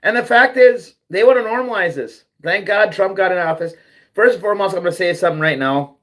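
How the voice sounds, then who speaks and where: A man's voice: sits high, a little fast, fairly bright tone. A man hosting a livestream, ranting bluntly and profanely, repeating himself as he goes. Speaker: livestream host. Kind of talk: ranting monologue.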